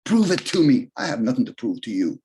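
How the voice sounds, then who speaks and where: A man talking on a video call in a casual, rambling way, arguing his points and often jumping in pitch for emphasis. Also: sing-song, fairly quick, noisy background. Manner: rambling, argumentative, shifts pitch often for emphasis and quoted voices.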